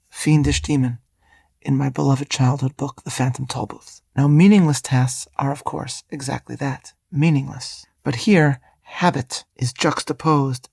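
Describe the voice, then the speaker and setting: A man, a rabbi, hosting a scripted podcast lesson and reading in a measured, deliberate way. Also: medium pitch, fairly even intonation, creaky, a little mellow, husky, no room sound, studio quality.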